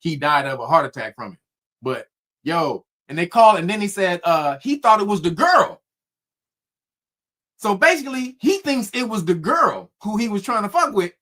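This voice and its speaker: Man telling a spooky story, profane, laughing, bright tone, lively pitch. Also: normal speed. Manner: profane, laughing often, animated. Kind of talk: casual storytelling commentary.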